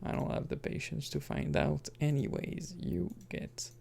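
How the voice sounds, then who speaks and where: A man's voice: fairly high pitch, steady tone, unhurried, vocal fry, a little mellow, slight background noise. A man giving casual let's-play commentary, rambling and correcting himself, with chuckling asides. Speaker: gaming commentator.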